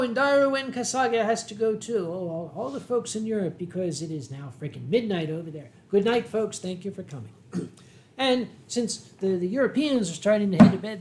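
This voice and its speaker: A man with a Philadelphia accent hosting a casual livestream from home, reading viewer comments in a dry, wry way and often clearing his throat. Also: high-pitched, animated, moderate pace, darkish tone, a little hiss or hum. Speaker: livestream host. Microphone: desk microphone.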